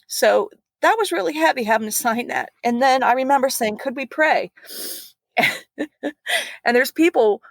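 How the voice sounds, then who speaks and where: A woman's voice: fairly high pitch, normal speed, creaky, dry recording. Earnest woman telling her story, dry sound. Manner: earnest, vivid retelling with laughs and restarts. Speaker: guest, flight nurse. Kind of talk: personal storytelling interview.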